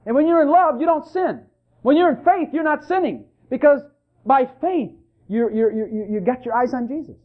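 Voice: high-pitched, lively intonation, normal speed. Fervent preacher on a tinny recording. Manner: fervent, emphatic, repeats phrases and calls out to the congregation. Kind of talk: sermon. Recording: tinny phone-like sermon recording.

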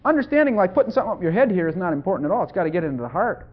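Folksy middle-aged preacher, high voice, lively delivery, dull recording. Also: male voice, very fast. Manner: folksy, animated, asks the congregation questions. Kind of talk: informal sermon. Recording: dull lo-fi sound.

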